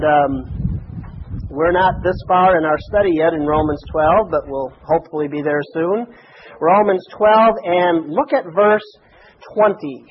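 High-voiced folksy male preacher. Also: dull audio, slight background noise. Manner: folksy, conversational preaching with asides. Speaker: pastor. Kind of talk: sermon.

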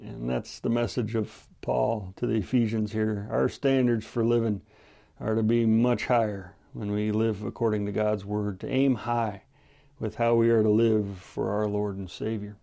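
A pastor leads a Bible study on the radio, his voice gravelly, mellow and on the low side with a level tone. He explains scripture earnestly and in a measured way, pausing often.

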